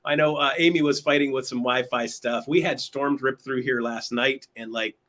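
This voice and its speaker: A man's voice: medium pitch, fairly even intonation, moderate pace, a bit bright. A man hosting a weekly online show, chatting in an upbeat, casual way with fillers and restarts. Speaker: host. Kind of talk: casual livestream talk show.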